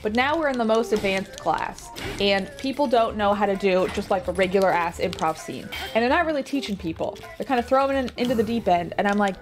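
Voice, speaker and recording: A woman livestreamer chatting casually while she plays, rambling along with lots of fillers and quick asides. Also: medium pitch, expressive, over music. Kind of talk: casual chat while gaming.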